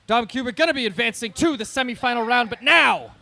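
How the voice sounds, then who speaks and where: A man calling a video game tournament as play-by-play commentator, excitable and shouting at the big moments. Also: very high-pitched, quick pace. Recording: loud music and crowd behind.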